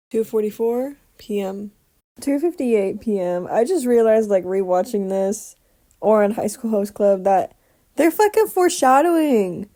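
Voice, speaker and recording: A young adult woman talking casually through her day in a rambling, chatty way, swearing now and then. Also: medium pitch. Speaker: vlogger. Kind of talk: casual daily vlog.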